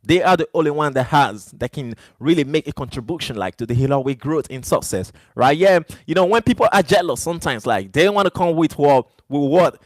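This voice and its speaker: A man's voice: medium pitch, expressive, a little fast, dry recording. A man speaking English as a second language, hosting a live stream and talking straight to his chat in an emphatic, repetitive way. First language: not English. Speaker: livestream host.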